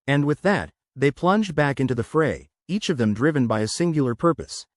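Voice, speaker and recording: A man narrating a sci-fi short story from a script in an expressive storytelling manner. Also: medium pitch, no room sound, clean studio sound.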